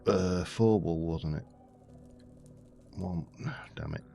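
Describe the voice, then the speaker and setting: A man's voice: low-pitched, slow pace, dark tone. A man giving rambling, muttering commentary while playing a game. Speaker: let's play host. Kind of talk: casual gameplay commentary. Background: faint background music.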